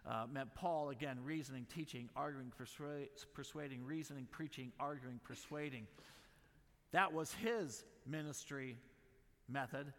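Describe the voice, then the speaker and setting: A man's voice: medium pitch, fairly bright tone. A middle-aged man and missionary giving an emphatic conference teaching talk, stacking lists of repeated words and apologizing for hurrying. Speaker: missionary speaker. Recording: long reverb of a large hall.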